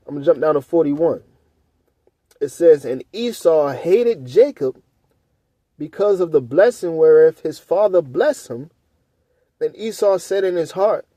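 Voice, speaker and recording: A man with a somewhat high but warm, mellow voice leads an informal scripture study. He reads verses aloud, then slips into loose, blunt commentary, often checking in with a quick "right?". The sound is dry and close, with no room echo. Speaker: Bible teacher.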